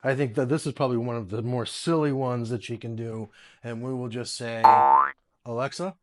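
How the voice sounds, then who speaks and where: A man hosting a casual tech video, chatty and quick to laugh, giving voice commands to smart speakers at home. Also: mid-range voice, steady tone, heavy background noise. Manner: chatty, laughs often, restarts phrases.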